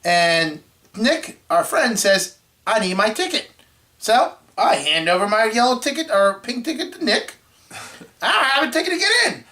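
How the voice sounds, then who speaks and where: A man co-hosting a movie review show, telling a rambling story in casual chat and clearing his throat often. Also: very high-pitched, sing-song, normal speed, sharp tone. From Florida.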